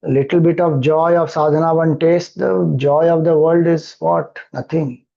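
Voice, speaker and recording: A man's voice: on the high side, fairly even intonation, normal speed, vocal fry, warm tone, dull audio. A man with an Indian accent, a spiritual teacher explaining scripture, who keeps repeating verses and asking rhetorical questions. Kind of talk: scripture discourse.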